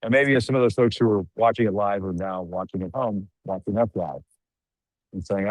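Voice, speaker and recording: A man's voice: lowish voice, moderate pace, no echo, poor audio. A middle-aged man reporting live on the scene outdoors at night, conversational with wry asides and some fillers. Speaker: news show host reporting live. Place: outdoors at night among a crowd.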